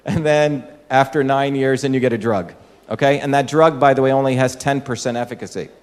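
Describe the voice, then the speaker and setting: Male speaker giving an explanatory public talk, average pitch, recorded with hall reverb. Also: fairly even intonation, fairly quick. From India. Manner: explanatory, with rhetorical questions to the audience. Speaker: speaker addressing an audience. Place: large hall with an audience. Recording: echoey hall.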